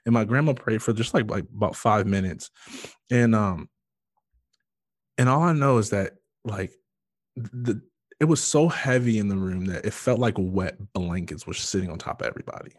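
A guest sharing his testimony earnestly tells an emotional personal story in conversation, full of fillers and restarts. His voice is on the low side at a normal pace, recorded cleanly in a studio with no room sound.

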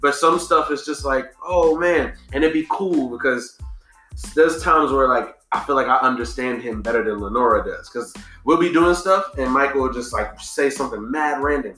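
A man co-hosting a podcast in casual chat, telling relaxed, slangy stories that often trail off and restart. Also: mid-range voice, moderate pace, reverberant, faint music behind. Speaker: podcast co-host.

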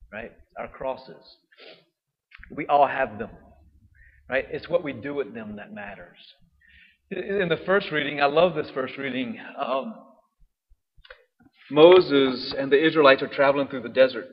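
A husky, fairly high-voiced man gives a homily in a long-echoing church. He preaches in a chatty, conversational way and keeps asking "right?". The recording sounds dull and muffled. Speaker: priest. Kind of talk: sermon.

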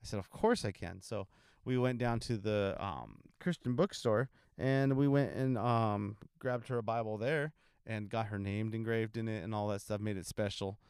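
A young man from California who serves in a church ministry, telling a testimony in a relaxed, rambling way with many ums. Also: on the low side, moderate pace, clear, resonant tone, no echo, studio quality. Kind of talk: casual testimony talk.

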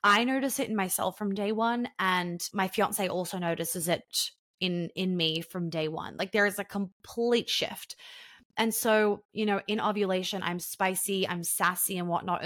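A woman's voice: medium pitch, a bit bright, no room sound. Frank, chatty young woman, dry close sound. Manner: chatty and frank, acts out quoted voices. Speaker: podcast guest. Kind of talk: casual podcast talk.

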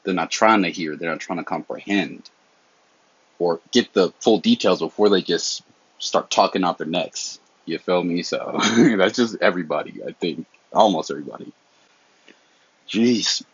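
Candid Southern man with a husky voice. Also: sits low, moderate pace, no room sound. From American South. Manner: candid, slangy, earnest. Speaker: podcast host. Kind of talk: casual solo podcast talk. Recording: dull lo-fi dry sound.

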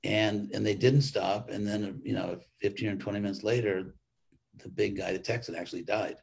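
A man's voice: fairly low pitch, steady tone, moderate pace, gravelly, darkish tone, husky. An older man, a monk, giving an informal weekly class in a rambling, conversational way with frequent restarts.

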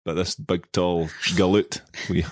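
A man's voice: sits low, level tone, measured pace, no room sound, studio quality. A Scottish man co-hosting a podcast, telling a long self-mocking anecdote in casual chat. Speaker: podcast co-host.

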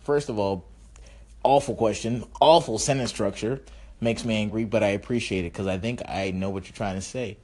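A man's voice: moderate pace, a little mellow. A man hosting his own podcast, rambling and self-mocking with profanity, a little tipsy. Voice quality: slightly high, funny-sounding voice. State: slightly tipsy from drinks. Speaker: podcast host. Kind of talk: casual solo podcast monologue.

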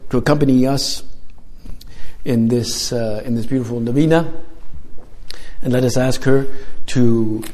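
A man's voice: mid-range voice, steady tone, a little slow, long pauses, mellow. A man preaching a homily as a priest, talking conversationally with frequent fillers and repeated phrases.

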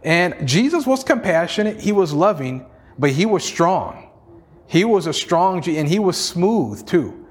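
A man's voice: high voice, big pitch swings, a little slow. A male pastor preaching a sermon in an emphatic, repetitive style, sprinkled with "you know" and small chuckles.

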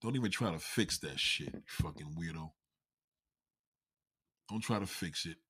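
Man, low husky voice, lively swinging pitch, mocking profane rant. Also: normal speed. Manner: heated, mocking, swears constantly. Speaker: vlogger. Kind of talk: profane comedic rant to camera.

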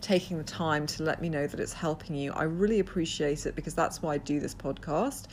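A woman's voice: low voice, brisk, a little hiss or hum. A woman hosting a solo podcast, talking earnestly and often repeating words as she restarts. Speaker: podcast host.

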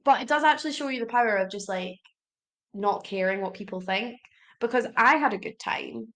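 A woman's voice: fairly high pitch, brisk, a bit bright. A young woman as a podcast guest in casual chat, chatty and full of fillers, laughing easily.

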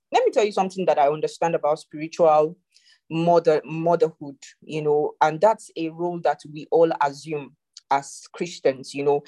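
Lively woman leading a prayer call. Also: lowish voice. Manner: animated, preachy, laughs and jokes. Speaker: prayer group leader. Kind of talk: testimony session on a call.

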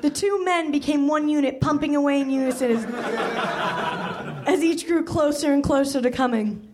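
A woman's voice: high-pitched, normal speed, crowd noise. A woman reading comic fiction aloud on stage, with self-aware asides. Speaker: comedy reader. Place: live comedy theater.

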